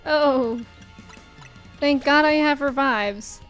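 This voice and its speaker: A young woman streaming a game live, chatting to her viewers, excitable and quick to shriek or laugh when startled. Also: high-pitched. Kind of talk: live gameplay commentary. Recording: game music playing underneath. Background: faint game music.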